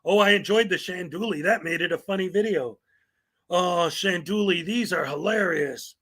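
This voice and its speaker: A man's voice: high-pitched, normal speed, fairly bright tone. A man hosting a commentary show, reading viewer comments aloud in a sarcastic, mocking way. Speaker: commentary channel host.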